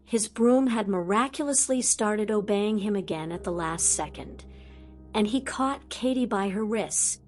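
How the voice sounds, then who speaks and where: A woman's voice: mid-range voice, a little slow, darkish tone, soft background music. Woman narrating a fantasy audiobook.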